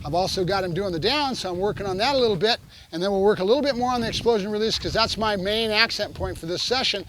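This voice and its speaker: A man's voice: high voice, fast, fairly bright tone. Guy dog trainer walking thru puppy drills, lots of background noise. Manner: coaching, talks to camera between cues to the dog. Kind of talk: explaining while training a puppy.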